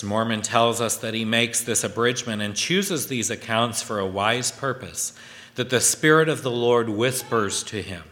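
Slow, halting man preaching in a reverberant hall. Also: on the low side, fairly bright tone. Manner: slow and halting, reads scripture aloud. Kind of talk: scripture sermon.

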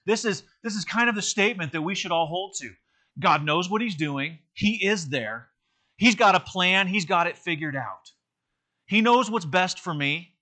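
A man's voice: high-pitched, animated, moderate pace, pushed and bright. A man teaching an interactive church lesson in a conversational way, with many fillers and restarts.

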